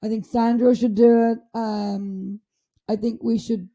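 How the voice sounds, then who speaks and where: A young Irish woman co-hosting a casual podcast, her voice slightly high and very mellow, almost dark. She talks in an animated, sweary way, scattering "like" everywhere. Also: a little slow. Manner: animated, swears freely, many filler "like"s. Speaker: podcast co-host. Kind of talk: casual chat.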